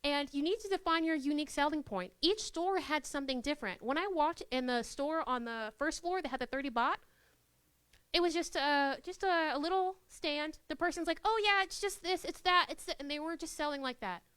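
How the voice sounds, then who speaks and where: A high-pitched young woman gives a live workshop talk to students. She is animated and playful and slips into quoted voices to act out scenes. Her voice sounds close and dry, with almost no room echo. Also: a little fast. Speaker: workshop presenter. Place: university classroom.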